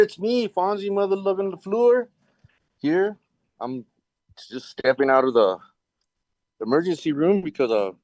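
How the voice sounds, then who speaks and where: A man appearing as a guest on a casual talk show, telling stories in a rambling, lively way. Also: medium pitch, no room sound, lo-fi sound. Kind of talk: casual chat.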